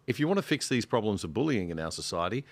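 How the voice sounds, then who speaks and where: A man on a discussion panel, speaking earnestly and growing heated, going quiet on grave points. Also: lowish voice, very animated, fast, no echo. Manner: earnest, heated, drops soft on sad points. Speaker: panel guest, show host.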